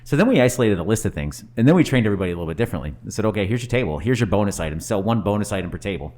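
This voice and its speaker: Very fast, deep-voiced male co-host. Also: big pitch swings, darkish tone. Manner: rapid, storytelling, self-deprecating. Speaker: podcast co-host, hospitality teacher. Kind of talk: casual podcast chat.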